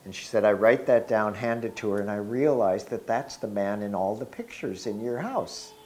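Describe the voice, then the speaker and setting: A man in his sixties telling a personal spiritual story in an unhurried, reflective way, with soft laughs. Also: lowish voice, expressive.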